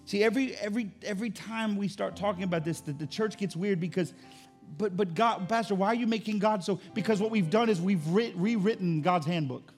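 Male pastor preaching, somewhat high and gravelly, emphatic, faint music underneath. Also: fairly quick, darkish tone. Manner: preaching with rising, emphatic bursts. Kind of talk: sermon.

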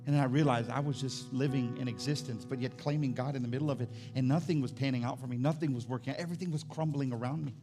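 A man preaching a sermon in a conversational, testimony style. He often repeats words as he builds up, and he climbs higher and louder when stirred. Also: fairly even intonation, quick pace, few pauses, soft background music. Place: church service.

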